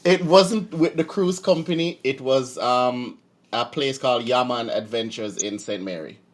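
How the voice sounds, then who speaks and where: A man's voice: medium pitch, a little slow. A man co-hosting, telling a travel story in a playful, teasing way and laughing often. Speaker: co-host. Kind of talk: casual storytelling while watching clips.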